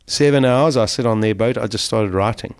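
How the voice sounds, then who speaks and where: A man's voice: mid-range voice, a little fast, clear, resonant tone. A middle-aged man, a guest in an interview, vividly and emotionally retelling a survival ordeal. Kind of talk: storytelling in an interview.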